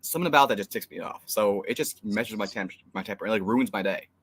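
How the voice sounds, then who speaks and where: Rambling, exasperated young man, bright voice. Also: on the low side, fast, breathy edge. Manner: rambling, exasperated storytelling with fillers. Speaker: co-host of a fan live stream. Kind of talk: casual live stream chat.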